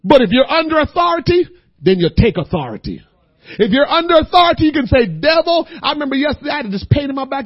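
A man preaching a sermon, moving from quiet, low passages to shouted, crying exhortation, and he breaks his phrases with "uh". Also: breathy edge, dull audio. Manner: punctuates phrases with "uh".

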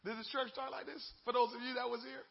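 A male pastor preaching fervently in a church, with an "uh" before each phrase, swinging from shouting to hushed tones, in a lo-fi recording with long hall reverb. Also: very high voice, flat delivery, fast, creaky. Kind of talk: sermon. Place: church sanctuary.

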